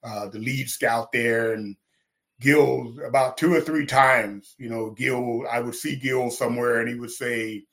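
A middle-aged man from Texas, a former football linebacker, telling his story in an interview with lively, acted-out quotes. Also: measured pace. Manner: animated, acts out quotes with big pitch jumps, laughs.

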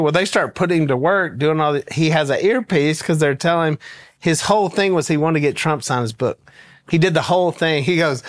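A man's voice: on the high side, fairly quick, no room sound. Folksy man telling stories. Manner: animated, laughing, folksy storyteller. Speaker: guest. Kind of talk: casual storytelling anecdote.

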